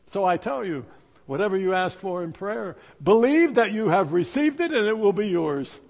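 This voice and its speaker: A male pastor preaching a sermon and telling a story, dropping to hushed asides and rising to loud emphasis. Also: a little high, animated, normal speed, long reverb tail.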